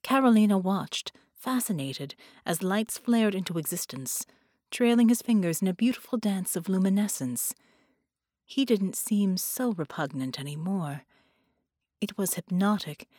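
A woman narrating an audiobook with a slow, expressive reading. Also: medium pitch, no echo, studio quality.

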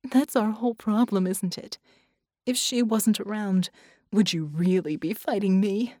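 A fierce young woman fighter, snarling and then sinking into choked whispers, as a woman reading an audiobook puts her on. The tone is dry and close, with no room around it. She speaks slowly and takes her time with each line. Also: mid-range voice, warm tone, dry recording, lightly acted. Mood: anguished.

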